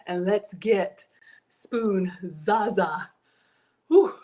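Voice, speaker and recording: A woman's voice: mid-range voice, expressive, measured pace, slight background noise. A woman hosting a casual live cooking stream, playful and theatrical, breaking into gasps and whispered asides. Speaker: home cook and live-stream host.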